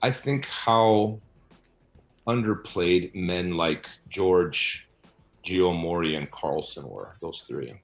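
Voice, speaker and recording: A man's voice: deep voice, slow, muffled recording, faint music behind. A man interviewed about his book, answering bluntly and argumentatively, often tagging his points with "right?" and "you know". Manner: blunt, argumentative, rhetorical asides.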